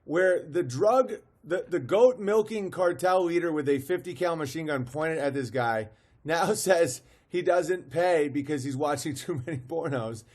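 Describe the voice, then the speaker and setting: A man's voice: on the high side, measured pace, a little mellow. Amused man doing live-stream commentary. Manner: amused, incredulous, restarts and laughs.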